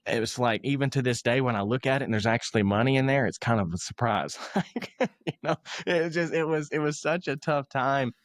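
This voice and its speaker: A man's voice: mid-range voice, brisk, no echo, studio quality. Man telling a self-mocking story. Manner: self-mocking, laughs at himself, acts out other people's lines. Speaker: motivational speaker, podcast guest. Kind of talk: casual storytelling interview.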